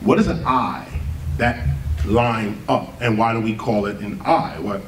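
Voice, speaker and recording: Man, lecture, rhetorical questions, spells words out, slow deliberate pace, roomy distant recording, faint room ambience. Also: on the low side, noisy background. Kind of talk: animated lecture to an audience.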